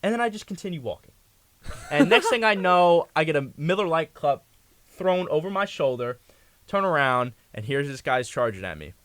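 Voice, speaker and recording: A man's voice: on the high side, big pitch swings, moderate pace, fairly bright tone, no room sound. A young man, a guest on a talk show, casually telling a long story, full of fillers, restarts and "you know".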